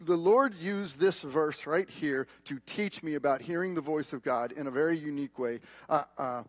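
A man preaching a sermon as pastor, swinging from loud emphatic peaks to hushed, quiet tones. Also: fairly high pitch, moderate pace, no echo.

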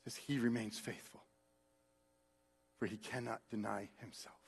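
A man preaching a sermon, moving between hushed, slow words and loud, drawn-out exhortation. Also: fairly low pitch, steady tone, gravelly, breathy edge. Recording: long reverb of a large hall.

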